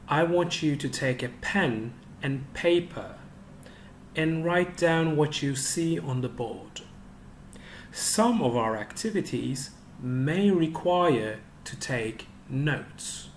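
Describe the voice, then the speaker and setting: A man teaching an online English lesson for young children, giving instructions slowly and clearly. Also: fairly high pitch, slight background noise. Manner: slow, clear instructional delivery.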